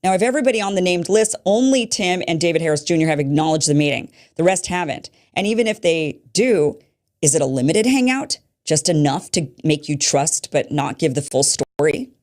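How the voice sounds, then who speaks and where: A woman's voice: low voice, expressive, brisk, darkish tone. A woman hosting a show, giving political commentary in a pointed, rhetorical manner. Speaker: show host.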